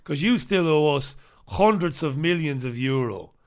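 A man's voice: fairly high pitch, lively intonation, normal speed, natural voice. A man voicing a stern banker with a put-on German accent, demanding austerity.

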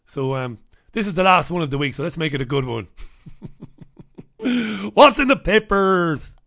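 A man's voice: on the high side, lively intonation, normal speed, creaky, a bit bright. A middle-aged man hosting a casual radio show, reading out listener messages in rambling, irreverent, jokey banter.

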